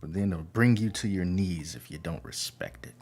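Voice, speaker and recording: Soft music plays behind a man with a deep, expressive voice, creaky and darkish with a breathy edge. He's livestreaming casually from a room at home, taking his time on a model kit while he muses aloud and hums.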